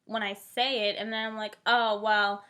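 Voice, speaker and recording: A woman's voice: a little high, level tone, a little fast, bright, forceful tone. A woman in her twenties from Northeast Ohio, a college student casually explaining a theory, full of "like" and "um" fillers. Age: 20s. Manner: chatty, many "like" and "um" fillers.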